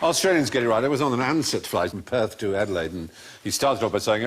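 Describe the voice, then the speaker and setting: A man's voice: lowish voice, fast, a little hiss or hum. A man hosting a panel quiz show, asking questions and telling anecdotes. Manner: lively, asks questions, tells anecdotes.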